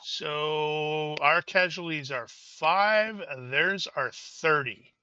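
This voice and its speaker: A man with a very bright, sharp-edged voice joins a tabletop game over a call, cheering the others on and joking about the dice. His audio comes through somewhat dull and lo-fi. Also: on the high side, drawn-out words, slight background noise. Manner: cheering, jokey. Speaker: player. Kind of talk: casual tabletop game chat.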